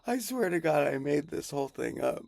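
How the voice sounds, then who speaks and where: Man, gravelly rambling storyteller, slow casual delivery, dry close-miked sound. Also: fairly high pitch, sing-song, a little mellow, no room sound. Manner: rambling, chuckling, self-correcting.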